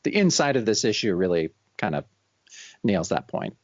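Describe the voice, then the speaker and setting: A man co-hosting a comic book podcast, commenting with laughs and animated asides. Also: on the low side, normal speed, no room sound, highs cut off. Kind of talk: casual chat.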